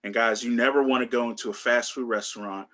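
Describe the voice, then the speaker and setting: A man's voice: mid-range voice, steady tone, quick pace, fairly bright tone. A man performing a stand-up comedy set over a video call, rambling loosely with lots of fillers and restarts.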